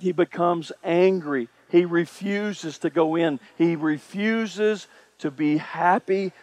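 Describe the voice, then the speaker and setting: A man's voice: high voice, a little mellow, no room sound. A male pastor delivering a sermon, emphatic and repetitive, speaking straight to the congregation. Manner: emphatic preaching, repeats phrases, addresses congregation directly.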